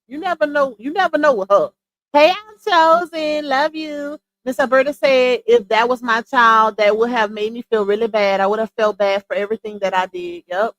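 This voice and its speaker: A woman's voice: fairly high pitch, brisk, hardly any pauses. A woman hosting a live stream, chatting casually and incredulously to her viewers, with laughing asides. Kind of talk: casual commentary on a clip.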